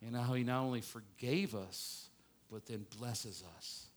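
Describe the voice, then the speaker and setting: A man's voice: mid-range voice, steady tone, a little slow. Male pastor preaching a sermon. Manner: preaching with strong rises and falls, mock-gloating asides.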